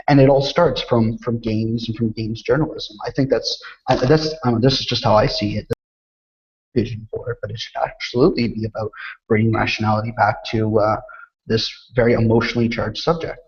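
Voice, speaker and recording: A man in a casual podcast chat, speaking earnestly and in a measured way, with many "you know"s. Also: fairly low pitch, steady tone, husky, dull audio. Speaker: podcast guest.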